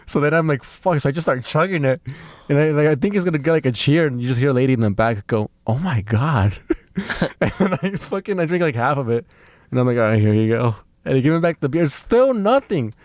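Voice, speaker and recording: A man's voice: fairly high pitch, fast talker, no echo. A man, a stand-up comic and podcast co-host, telling a story in casual chat, swearing freely and acting out the people in it. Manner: animated, swearing, acts out voices.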